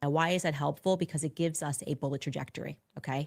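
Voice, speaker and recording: A woman's voice: low-pitched, fairly even intonation, fast, creaky, a little mellow. A woman in a clip, explaining a claim step by step and pointing out details.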